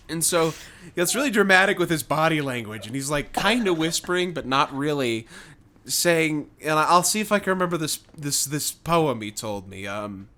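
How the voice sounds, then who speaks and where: Lively man telling a story. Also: on the high side, moderate pace. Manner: animated anecdote teller, acts out quoted people. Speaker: podcast co-host. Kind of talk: casual chat, storytelling.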